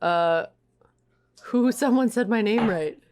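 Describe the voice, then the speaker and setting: A woman's voice: fairly high pitch, takes it slowly, a little mellow, clean tone. A woman streaming live, chatting casually and reading out viewers' messages. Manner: chatty, reads chat aloud.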